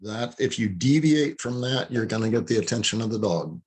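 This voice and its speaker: A man's voice: on the low side, expressive, moderate pace, darkish tone, breathy edge. A man teaching an online class on dog handling, speaking emphatically over a video call. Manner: emphatic, demonstrates voice tones. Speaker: dog trainer and instructor.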